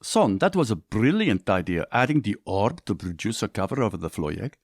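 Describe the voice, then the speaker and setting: A man's voice: a little high, very animated, unhurried, darkish tone, dry recording, voice pushed up. Man playing a sober caring father, plain advice, storybook reading, dry sound. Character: warm, serious father and minister.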